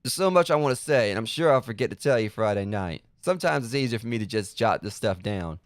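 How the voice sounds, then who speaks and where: A man voicing a middle-aged dad writing a fond letter to his son, in a slow, folksy, cartoonish sitcom-dad manner. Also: fairly low pitch, animated, no room sound, studio quality, natural voice. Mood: fond, fatherly.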